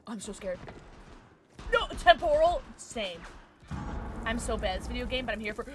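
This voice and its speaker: A young woman streaming a video game, excitable, swearing and joking about her own play. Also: medium pitch, brisk, slight background noise. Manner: excitable, swears a lot, self-deprecating. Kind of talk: live gameplay commentary.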